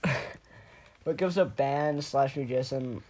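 A man's voice: mid-range voice, takes it slowly, darkish tone. A young man co-hosting a casual podcast, blunt and crude, swearing often. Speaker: podcast co-host. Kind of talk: casual chat.

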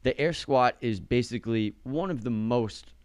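A man's voice: mid-range voice, moderate pace, clear, resonant tone, no room sound. A male fitness coach co-hosting a casual podcast, talking in an upbeat coaching tone with a slight lisp from a sore tongue.

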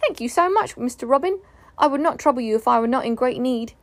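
A woman's voice: high voice, expressive, fast, no room sound. A woman voicing a haughty, vain female otter in a storybook reading, with a demanding manner.

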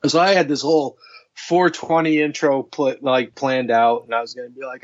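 A man's voice: mid-range voice, level tone, moderate pace, lo-fi sound. A man co-hosting a podcast in casual banter, swearing freely, laughing often and retelling stories with energy. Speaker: podcast co-host.

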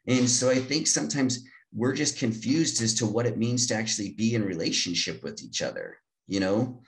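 A man co-hosting a casual faith conversation, talking in a relaxed, conversational way. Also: medium pitch, normal speed, few pauses, poor audio.

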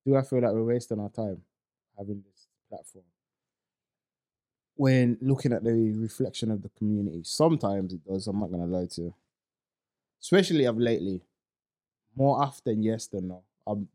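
A man's voice: a little fast, long pauses, mellow. A man ranting bluntly in a casual podcast chat, full of street slang. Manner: mocks others in high put-on voices. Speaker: podcast co-host.

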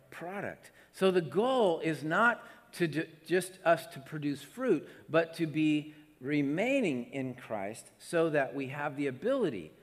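A man preaching a sermon in a fairly high voice, moving between animated emphasis and soft, hushed passages. His words ring out with a long reverb, as in a large hall. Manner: animated preaching, acts out Jesus's delighted voice, drops to soft hushed tones. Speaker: pastor.

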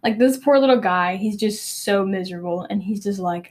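A woman hosts a book podcast, chatting loosely through the story with lots of fillers and little laughs. She slips into reading passages aloud in a plain, mid-pitched voice. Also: normal speed, hardly any pauses, a little mellow. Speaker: podcast host. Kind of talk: casual retelling and reading aloud of a novel.

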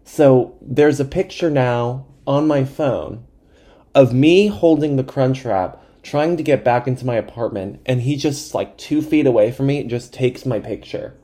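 A man in his twenties hosting a podcast, telling comic stories about himself in an animated, self-mocking way and swearing freely. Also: medium pitch, a little slow. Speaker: podcast host. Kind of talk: comedic storytelling monologue.

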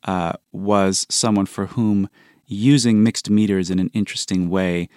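A man explains composing in a measured, thoughtful way, sometimes counting out beats. His voice sits on the low side. It sounds close and dry, with no room around it. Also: fairly even intonation, darkish tone, clear, resonant tone, dry recording. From United States. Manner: thoughtful, counts beats and hums rhythms aloud. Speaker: composer guest. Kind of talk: explanatory interview talk.

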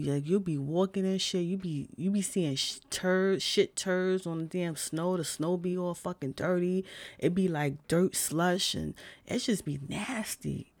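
Blunt, swearing woman with a gravelly low voice. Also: darkish tone. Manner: blunt, heavy swearing, lots of fillers. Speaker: vlogger. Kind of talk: casual rant to camera.

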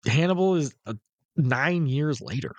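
Laughing, animated male podcast co-host. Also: a little high, normal speed, dry recording. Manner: animated storyteller, acts out quotes, laughs often. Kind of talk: casual chat.

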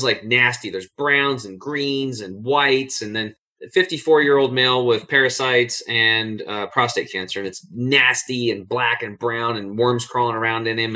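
A man's voice: mid-range voice, pushed and bright. A man, a podcast guest, telling a personal story with animation and casual bluntness, acting out other people's lines in a raised voice.

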